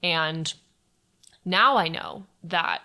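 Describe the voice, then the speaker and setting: A woman's voice: low-pitched, extremely slow, sharp tone. Frank woman telling a personal story. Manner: frank, swears freely. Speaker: guest sharing her story.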